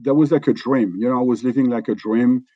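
A man's voice: mid-range voice, fairly even intonation, fast talker, warm tone, no echo, highs cut off. A middle-aged man with a French accent, a company executive telling stories as an interview guest, with many fillers and restarts. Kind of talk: conversational storytelling.

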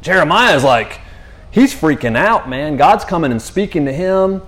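A man telling a faith story in an animated, rambling way, often restarting and saying "you know". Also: fairly high pitch, moderate pace. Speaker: speaker sharing a faith testimony. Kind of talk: casual spoken testimony.

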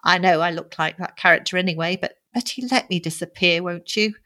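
A woman voicing a shabby young man back from years abroad, rueful and clipped in his replies. The voice sits fairly low and plain, read as a storybook character without much change from the reader. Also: a little fast, pushed and bright. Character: weary shabby young man, bitter wanderer. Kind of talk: audiobook character reading.

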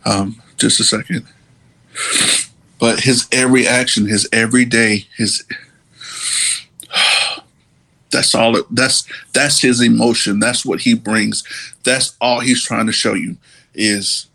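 A man hosting a podcast, speaking in an earnest, halting and emotional way. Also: medium pitch, fairly even intonation, bright, forceful tone. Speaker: podcast host. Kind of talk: emotional personal monologue.

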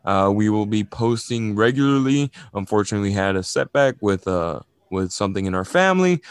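Male podcast co-host, low and smooth voice, laid-back joking delivery. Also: brisk, hardly any pauses, no room sound. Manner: relaxed, joking, filler-heavy. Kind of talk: casual movie review chat.

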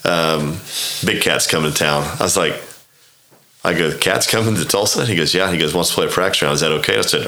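Man, 50s, from Oklahoma. Very low, bright-toned voice; rambling raconteur who acts out dialogue. Echoey room. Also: quick pace, creaky. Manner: rambling, acts out quoted dialogue, frequent restarts. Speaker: golf club director, podcast guest. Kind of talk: casual storytelling interview.

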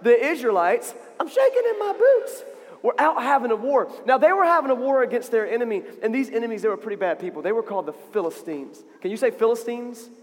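High-voiced man, playful children's preacher, big reverberant hall sound. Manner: animated, playful, call-and-response. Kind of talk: interactive storytelling to a young audience. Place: church stage with big speakers. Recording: reverberant hall over loudspeakers.

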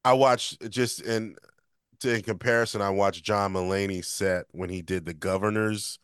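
A man's voice: lowish voice, moderate pace, clear, resonant tone, dry recording, clean studio sound. A man hosting a comedy podcast while fighting a cold, mostly giving short agreeing replies in casual chat. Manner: brief agreeing replies, relaxed. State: has a cold. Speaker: podcast host.

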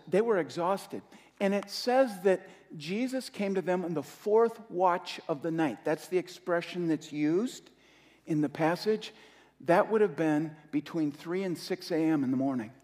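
A male pastor preaching with passion, his fairly high voice surging and then dropping low as he repeats his key lines. The sound carries a long reverb from the church hall around him. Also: darkish tone. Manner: impassioned, rising and falling with pauses, repeating key phrases. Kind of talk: sermon.

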